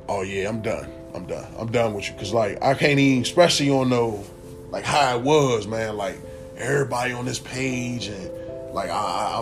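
A young man ranting casually to camera as a vlogger, animated, profane and rambling. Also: medium pitch.

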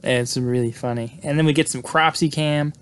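A man's voice: on the high side, steady tone, fairly quick, clear, resonant tone, no room sound. A man giving a loose, profane, filler-heavy recap of a horror film, like a podcast host. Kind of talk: casual movie recap.

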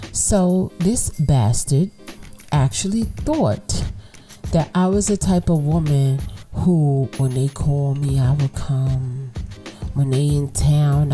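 This is a woman running a casual solo podcast. Her voice sits slightly low, with a dark, mellow tone. She tells stories bluntly and profanely, addressing the audience directly, with soft music faintly behind her. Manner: blunt, profane, animated storytelling; talks straight to listeners as y'all. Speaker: podcast host.

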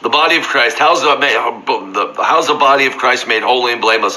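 A man's voice: medium pitch, normal speed, few pauses, pushed and bright, rough recording. A middle-aged man preaching a sermon earnestly, often restarting his phrases and lifting his voice when he is moved. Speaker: pastor. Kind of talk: sermon teaching.

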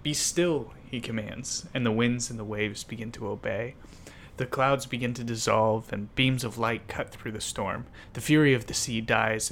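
A man's voice: medium pitch, fairly bright tone, slight background noise. A man giving scripted, vivid dramatic narration as a storyteller.

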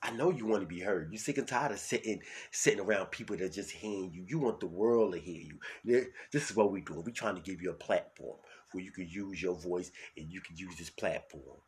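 A man with a New York accent hosting his own solo podcast, talking loud and hyped, then dropping to a mutter. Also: low voice, a little fast, hardly any pauses, slight background noise. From New York City. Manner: loud, hyped, swings between shouting and mumbling. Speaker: podcast host.

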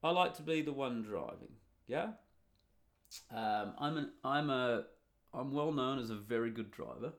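A middle-aged man delivering an unscripted monologue. He talks bluntly and sarcastically, swears freely and wanders through asides. His voice sits at an ordinary male pitch. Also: lively intonation, a little slow. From Australia. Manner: blunt, profane, sarcastic, rambling. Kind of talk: casual opinionated monologue.

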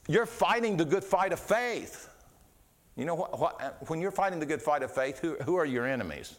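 A middle-aged man preaching a sermon in an earnest way, often repeating words and restarting, his voice swinging between quiet and raised. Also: a little high, very animated, a little fast. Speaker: pastor.

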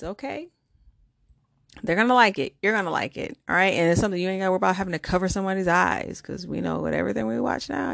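A woman's voice: mid-range voice, animated, a little fast, vocal fry, no echo, studio quality. A middle-aged woman, chatting casually to viewers in a movie review vlog, with lots of fillers.

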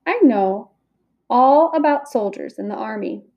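A clever young girl talks fast to distract soldiers, as a woman reading the story puts her on. Her voice sits high and bright, spilling out in breathless chatter. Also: lively intonation, dull audio. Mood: bold. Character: quick-witted young peasant girl bluffing soldiers.

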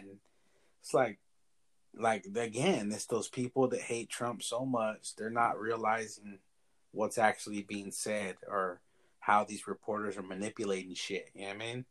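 A man's voice: on the low side, steady tone, moderate pace, fairly bright tone. Profane young man ranting casually. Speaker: podcast co-host. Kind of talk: casual chat.

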